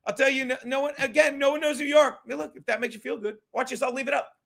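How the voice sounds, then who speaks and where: High-voiced man ranting and gloating. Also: fairly even intonation, fast, vocal fry, a bit bright. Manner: profane, gloating, mocking. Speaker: podcast host. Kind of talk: ranting commentary.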